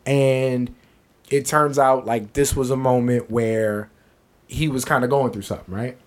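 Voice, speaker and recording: A man's voice: mid-range voice, a little slow. A man co-hosting a podcast, telling a story in casual chat, slangy and profane, acting out what people said. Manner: animated, profane, slangy, acts out quotes. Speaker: podcast co-host.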